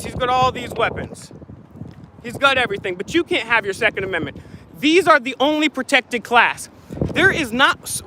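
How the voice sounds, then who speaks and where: Man heckling loudly on a phone outdoors. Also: very high voice, noisy background. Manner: heckling, accusatory, shouting boos. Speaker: activist vlogger filming a protest. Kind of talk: live protest vlog commentary. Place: outdoors at a public event. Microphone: phone held while filming.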